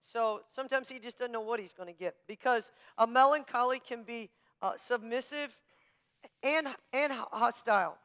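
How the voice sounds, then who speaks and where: A woman pastor teaching a marriage class in an emphatic, forceful, coach-like manner. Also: on the high side, moderate pace, clear, resonant tone. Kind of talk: sermon-style teaching.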